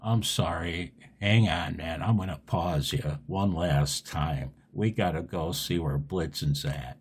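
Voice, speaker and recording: A man's voice: low-pitched, slow pace, a little hiss or hum. A man rambling through a casual amateur radio vlog, silly and laughing often, with a strained throat.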